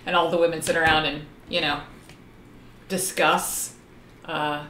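A woman's voice: low voice, flat delivery, measured pace, a bit bright, roomy sound, slight background noise. A woman co-hosting a live drawing stream in casual chat, talkative and laughing often, with plenty of ums as she tells stories.

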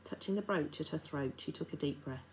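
A teacher reading a children's novel aloud to her class, her voice low for a woman. The narration is steady and expressive. A faint background hiss runs under it. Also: brisk, low-quality recording.

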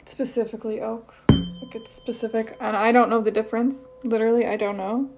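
A woman with a slightly high voice talks fairly fast, her pitch swooping wildly up and down. She's channeling solo in an easygoing, uncertain manner, reasoning aloud and questioning each step. The recording is lo-fi, a little dull, with faint noise.

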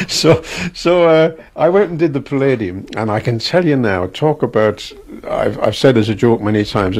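An older Irish man tells stories in a husky, mellow voice. His pitch rises and falls lively as he acts out the people in his tales. He sounds like a relaxed, chatty interviewee. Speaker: interviewee, singer. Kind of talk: anecdotal reminiscing.

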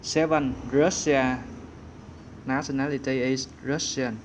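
A man leads an English workbook lesson at a very slow, unhurried pace. He thinks aloud as he searches for each answer, and a faint background hum sits under his voice. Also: medium pitch, fairly even intonation. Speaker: English teacher.

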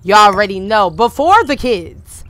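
A woman streamer giving casual, animated, slangy commentary to her viewers while playing a life-simulation game. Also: medium pitch, moderate pace, no room sound. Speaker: gaming streamer.

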